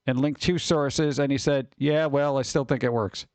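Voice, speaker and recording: A male streamer chats in a casual, rambling way, giving wry reactions to pictures and to his chat, and his voice turns slightly scratchy at times. It is mid-range and darkish, fairly even, and moderately paced, with a clean tone and a dry recording.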